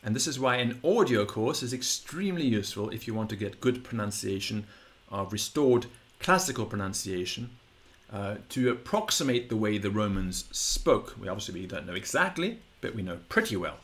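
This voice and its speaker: A man who speaks English natively, teaching in a patient, digressive style and slowly drawing out example words. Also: on the low side, sing-song, a bit bright. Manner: patient, digressive explaining with slow drawn-out model words. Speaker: Latin teacher. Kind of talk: explanatory audio lesson.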